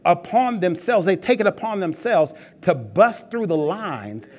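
A man's voice: sits high, very animated, a little slow, a little mellow. A man preaching a sermon as pastor, talking in a loose, joking way and calling out to the congregation as it laughs. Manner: humorous, conversational preaching with call-outs to the congregation.

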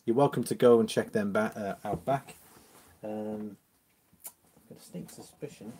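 A man's voice: lowish voice, measured pace, noisy background. Man casually reading chat on a livestream. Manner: chatty and relaxed, greets viewers and chuckles often. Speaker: livestream host. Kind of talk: casual live-stream chat, reading viewer comments aloud.

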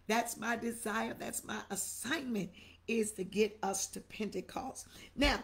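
An exuberant middle-aged woman preacher, her voice sitting a little high. She repeats phrases and calls out to her listeners by name as she preaches on a livestream. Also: vocal fry. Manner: exuberant, repetitive, calls out viewers' names. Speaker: bishop and preacher. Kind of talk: livestream sermon, greeting viewers.

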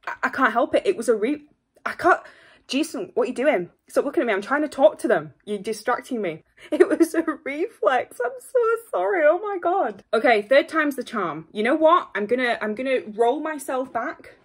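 A young woman hosting a reaction video from home, excitable and gushing, constantly apologizing while faint music plays behind her. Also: high-pitched, moderate pace, husky. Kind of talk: casual reaction vlog. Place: home room at a desk. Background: faint music playing.

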